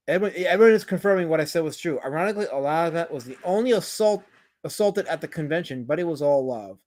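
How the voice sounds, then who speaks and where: A man's voice: a little high, lively intonation, quick pace. Tired, joking man hosting a livestream. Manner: rambling, joking, reads chat aloud, swears. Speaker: livestream host. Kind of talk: casual livestream chat.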